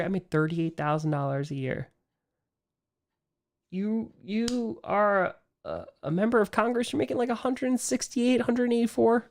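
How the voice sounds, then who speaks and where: Male livestream host, casual chat, animated and ranting, with loud highs and quiet weary lows. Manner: animated, swings from excited outbursts to quiet, weary muttering; ranting, frustrated. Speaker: livestream host answering viewer questions. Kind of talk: casual live-stream chat.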